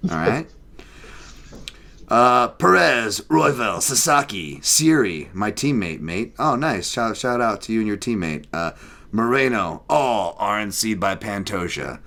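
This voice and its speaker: A man hosting a podcast, chatting casually about martial arts and reading listener picks, animated and quick to laugh. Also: lowish voice, creaky. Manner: animated, laughs often, joking. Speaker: podcast host.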